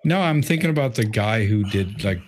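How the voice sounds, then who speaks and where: Man, co-host, lowish voice, blunt, teasing, argumentative banter. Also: animated, brisk, a little hiss or hum. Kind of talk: casual chat.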